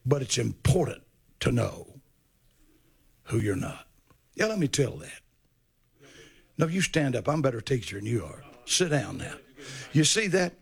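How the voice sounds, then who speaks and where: A man's voice: mid-range voice, big pitch swings, normal speed, vocal fry, long pauses, husky. A man preaching a sermon in a folksy, storytelling way with humor.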